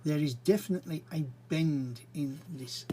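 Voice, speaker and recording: A man's voice: fairly high pitch, warm tone, a little hiss or hum, poor audio. A man giving casual, rambling commentary as he narrates his own brick model build. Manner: chatty, rambling, unhurried, with frequent fillers.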